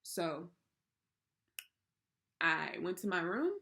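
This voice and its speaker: A woman's voice: fairly low pitch, lively intonation, very slow, vocal fry, sharp tone. A young woman from the United States, telling a personal story in a casual vlog, candid and emphatic. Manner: candid and emphatic, with swears and laughs. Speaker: vlogger.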